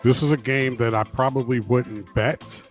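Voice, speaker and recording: A man's voice: medium pitch, fairly even intonation, moderate pace, soft background music. A man co-hosting a sports podcast, giving his picks in a rambling, easygoing way with lots of fillers. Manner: rambling, many fillers and restarts. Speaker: podcast co-host. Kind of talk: casual sports talk.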